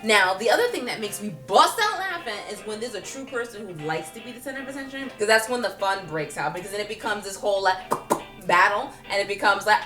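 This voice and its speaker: A young woman vlogger telling comedic stories about acting, with an animated, playful delivery and goofy voices for the people she describes. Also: mid-range voice, quick pace, reverberant, distant mic, faint music behind. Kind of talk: comedic storytelling vlog.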